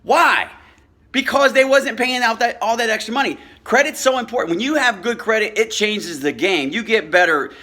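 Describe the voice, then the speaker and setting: A man's voice: high voice, normal speed, bright, forceful tone. A man talking to his viewers about credit as a coach, earnest and passionate, often stumbling and repeating words. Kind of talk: motivational vlog talk.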